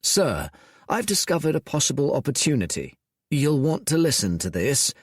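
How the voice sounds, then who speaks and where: A man voicing a deferential male aide who confides eagerly and in a lowered voice. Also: very animated, moderate pace, husky, dry recording, clean studio sound. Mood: eager confiding.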